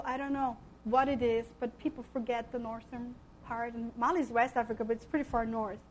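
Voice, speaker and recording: A woman missionary speaking to a congregation, telling a story in a lively way, acting out the voices she quotes and laughing often. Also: fairly high pitch, a little hiss or hum. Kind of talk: testimony talk to a congregation.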